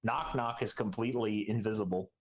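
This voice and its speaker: A man playing in a tabletop game, chatty and quick to poke fun at himself. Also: fairly low pitch. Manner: chatty, self-mocking. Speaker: player. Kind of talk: casual tabletop game chat.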